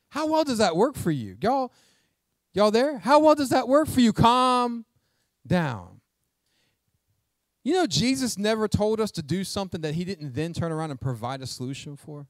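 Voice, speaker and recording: A man's voice: high-pitched, no echo, studio quality. A male pastor preaching a sermon, emphatic and asking the congregation questions.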